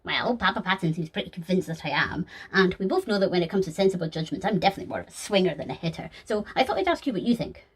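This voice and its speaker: A woman voicing a chaotic, gleeful young man who talks loudly in excitable bursts in a fan audio sketch. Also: fairly low pitch, husky. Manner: loud, excitable, rapid bursts.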